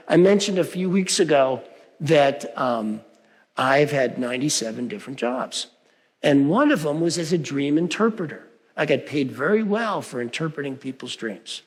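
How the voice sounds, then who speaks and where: Man giving a sermon, high voice, animated swings in pitch, long reverb from a big hall. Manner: conversational, frequent "right?" asides.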